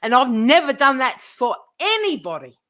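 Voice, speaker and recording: A woman's voice: sits high, very animated, normal speed, a bit bright. A woman live streamer ranting to her chat, indignant, swearing heavily and repeating herself.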